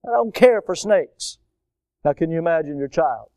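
A man's voice: on the high side, moderate pace, dry recording. A man from Florida preaching a storytelling sermon, acting out the voices in his story. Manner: animated storyteller, acts out voices.

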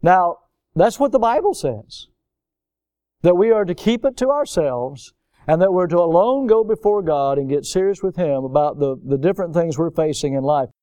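A man's voice: on the high side, lively intonation, moderate pace, warm tone, dry recording. A man pastor delivering a sermon in a folksy, emphatic way, drawing out stressed words.

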